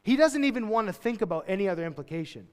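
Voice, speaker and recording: A man preaching a sermon as a pastor, telling Bible stories in a lively, casual way and acting out the characters. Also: sits high, rapid-fire, clear, resonant tone. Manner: animated storytelling, acts out Bible characters in casual voices. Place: church sanctuary. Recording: long church reverb.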